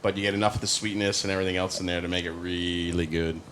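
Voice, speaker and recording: A man in a casual bourbon tasting chat, playful and quick to banter. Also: low-pitched, flat delivery, fairly bright tone, a little hiss or hum.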